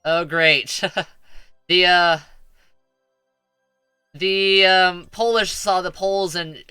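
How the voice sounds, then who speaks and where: A man's voice: high-pitched, fairly even intonation, drawn-out words, bright, forceful tone, clean tone, no room sound, clean studio sound, soft background music. A man streaming a strategy game, giving playful, rambling commentary that stumbles over restarts.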